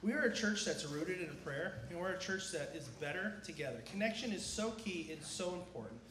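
A man's voice: sits high, a little fast. A man giving upbeat church announcements, quizzing the congregation, while getting over a cough. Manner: energetic, asks the crowd questions. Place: large church sanctuary. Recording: echoey sanctuary, faint ambience.

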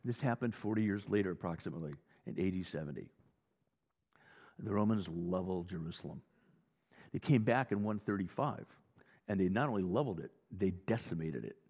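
A male pastor preaching a sermon in a conversational, animated teaching style with frequent restarts. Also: sits low, brisk, husky. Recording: long hall reverb.

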